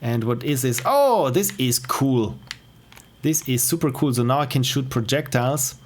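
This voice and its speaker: A man's voice: medium pitch, expressive, normal speed, slight background noise. A man with an Austrian accent streaming indie games, thinking aloud with curious questions as he plays. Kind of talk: live gameplay commentary. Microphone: wearing headphones.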